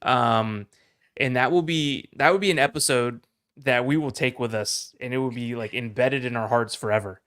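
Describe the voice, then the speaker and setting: A man's smooth, medium-pitched voice moves at a moderate pace as he chats casually as a podcast guest. His enthusiasm rises, turning passionate and excited.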